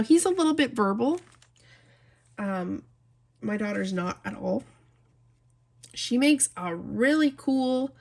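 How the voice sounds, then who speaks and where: A woman's voice: mid-range voice, vocal fry, a little mellow. A young adult woman talking casually and from the heart to her viewers while she colors, rambling from one story to the next. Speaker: coloring channel host.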